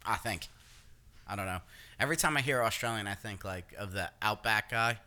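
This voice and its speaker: Casual podcast co-host, male, a very bright ringing voice, slightly low pitch, loose and rambling. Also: brisk. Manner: rambling, laughs and does silly voices. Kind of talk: casual chat.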